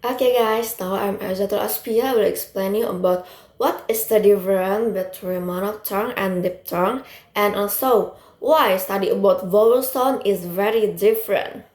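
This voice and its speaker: A woman's voice: medium pitch, normal speed, darkish tone. A young woman giving a classroom presentation, explaining plainly with hesitant fillers. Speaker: student presenter. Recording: roomy echo.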